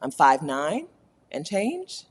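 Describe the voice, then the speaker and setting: A woman's voice: low-pitched, lively intonation, moderate pace. A woman hosting a casual livestream chat, talking candidly and laughing often. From United States. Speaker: host.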